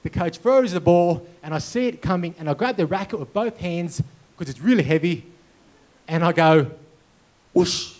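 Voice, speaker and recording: Onstage in a conference hall before an audience, a male keynote speaker tells stories, acting out dialogue and sound effects as he goes. His voice is high with a darkish tone, animated, and paced moderately.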